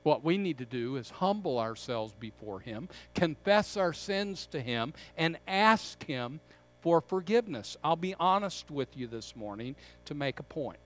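Male pastor, middle-aged, unhurried emphatic sermon delivery, high-pitched. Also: animated, fairly bright tone. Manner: earnest preaching with emphatic repetitions.

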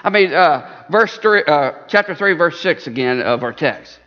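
A man's voice: fairly high pitch, animated, normal speed. A man preaching an earnest sermon, repeating words and restarting phrases as he goes. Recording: dull lo-fi recording in a reverberant church hall.

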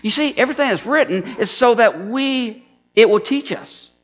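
Male preacher, sermon, earnest, stumbling restarts, high voice, long church reverb, muffled lo-fi sound. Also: normal speed. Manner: earnest, repeats words and restarts, tells a joke story. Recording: dull lo-fi recording in a reverberant church hall.

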